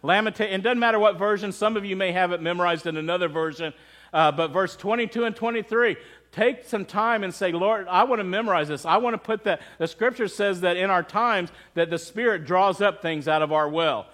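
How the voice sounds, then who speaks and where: A man's voice: high-pitched, brisk, a bit bright. A man preaching a sermon, telling a story and asking the congregation questions. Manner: storytelling with quoted voices, asks the congregation questions. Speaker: pastor.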